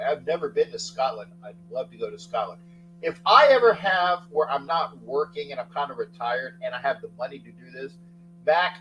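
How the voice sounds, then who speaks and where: A middle-aged man hosting a casual sports talk livestream, rambling, thanking chatters by name and breaking into sudden loud outbursts. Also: medium pitch, poor audio. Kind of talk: casual live chat with viewers.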